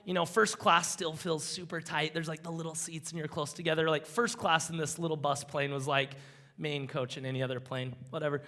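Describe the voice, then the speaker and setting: A man giving an energetic conference talk, telling an enthusiastic, rambling story that keeps drifting off on side tracks. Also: on the high side, fairly quick. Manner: rambling, easily sidetracked, enthusiastic. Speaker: conference speaker.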